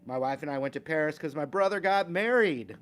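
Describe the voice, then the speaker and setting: A man's voice: fairly high pitch, lively intonation, faint music behind. A man hosting a casual livestream, reading out viewer names and chatting at an easygoing pace with small laughs. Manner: slow, easygoing, chuckles between names. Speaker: guitar teacher and livestream host.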